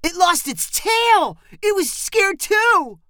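Excited young children shout out high and fast, as a woman reader voices them. The pitch jumps way up with lively swings. The sound is dry and close. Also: no echo, full character voice.

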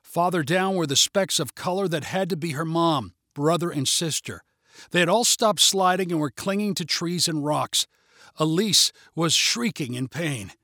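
A man narrating a children's adventure story in a measured, even reading. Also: fairly high pitch, dry recording, studio quality.

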